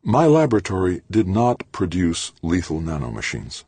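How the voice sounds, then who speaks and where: A man's voice: deep voice, wildly swooping pitch, normal speed, dark tone, slightly rough, no room sound, voice pushed up, heavily acted. A man voicing a composed female lab director who insists firmly in a clipped way.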